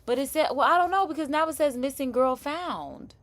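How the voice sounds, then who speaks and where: A woman with a New Orleans accent hosting a live stream, reacting to news clips in slangy, animated, casual chat. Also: high-pitched, brisk, no room sound. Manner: animated, chatty, slangy, laughing asides.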